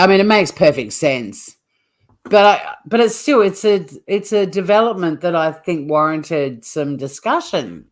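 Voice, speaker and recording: An Australian woman hosting a livestream, giving chatty, blunt commentary with laughing asides. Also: deep voice. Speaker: livestream host. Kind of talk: casual live commentary.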